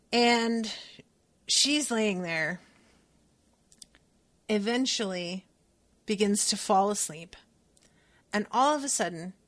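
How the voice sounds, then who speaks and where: Woman podcast host, unhurried, candid book recap with casual swearing. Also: mid-range voice, fairly bright tone. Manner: candid, swears freely while retelling.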